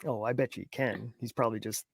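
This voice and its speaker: A man's voice: medium pitch, fairly even intonation, fast talker, creaky, husky, no echo, clean studio sound. A man co-hosting a casual chat, arguing his point and cracking crude jokes. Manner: argumentative, crude joking. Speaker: co-host.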